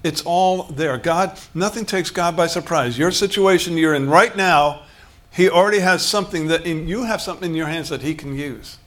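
A man's voice: fairly high pitch, normal speed, few pauses, a bit bright. A man preaching a sermon in a conversational way, acting out short bits of dialogue and chuckling as he goes. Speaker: pastor.

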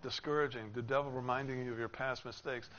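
Man preaching with animated emphasis. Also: mid-range voice, quick pace. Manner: expressive, acts out quoted speakers with rising emphasis. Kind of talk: sermon. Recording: slightly dull with faint noise.

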